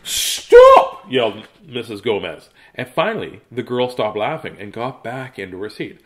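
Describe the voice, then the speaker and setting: A man's voice: fairly low pitch, animated, normal speed. A middle-aged man casually reading children's books aloud, with jokey asides between pages. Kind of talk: casual read-aloud to a live chat.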